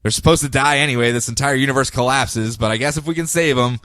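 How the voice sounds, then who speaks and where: A man's voice: fairly high pitch, brisk, fairly bright tone, no echo, close to an everyday voice. A man voicing a grumbling, reluctant male space cop who speaks begrudgingly and sarcastically.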